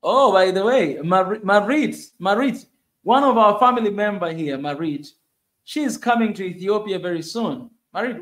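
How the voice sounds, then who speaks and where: Lively man hosting a livestream. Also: high-pitched, echoey room. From Africa. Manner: excitable, shouts out to viewers, repeats himself. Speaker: livestream host. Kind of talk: casual livestream chat.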